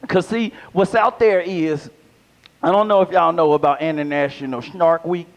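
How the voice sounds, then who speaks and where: Older male comic with a high voice, loose and rambling live set, chuckling through his punchlines. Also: fairly even intonation, moderate pace. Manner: rambling, playful, laughs at own jokes. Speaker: stand-up comedian, guest. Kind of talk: live stand-up comedy. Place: live comedy venue with audience.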